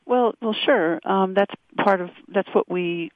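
A woman activist being interviewed over the phone, talking in halting bursts with many restarts and fillers. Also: medium pitch, no echo. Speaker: activist guest. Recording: tinny phone line.

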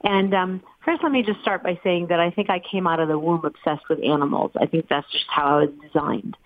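A woman's voice: fairly low pitch, a little fast, no echo. A middle-aged woman telling her life story as an interview guest, earnest and emotional. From United States. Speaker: guest, animal sanctuary founder. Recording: tinny phone-line sound, dry.

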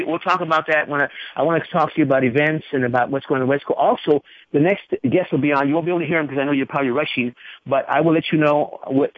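A man's voice: fairly high pitch, no room sound. A male radio show host talking casually, rambling and spelling out contact details letter by letter. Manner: rambling, spells things out slowly. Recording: tinny phone-like radio audio.

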